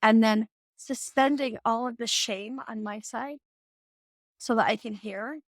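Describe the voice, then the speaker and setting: A woman's voice: on the high side, measured pace, dry recording, studio quality. A middle-aged woman hosting a live self-help talk, earnest and coaching, acting out example conversations in her own voice. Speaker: host.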